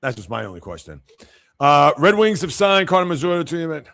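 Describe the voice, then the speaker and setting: A man hosting a sports livestream, talking in a somewhat high, gravelly voice. He reacts to viewer comments in an offhand way and turns blunt and emphatic when he criticizes. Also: sing-song, fairly quick, fairly bright tone. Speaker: sports show host.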